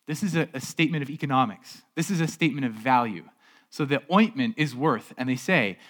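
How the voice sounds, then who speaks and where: A man's voice: fairly high pitch, animated, fairly quick, fairly bright tone. Conversational male pastor preaching a sermon. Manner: conversational preaching with repeated words and rhetorical questions. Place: church stage.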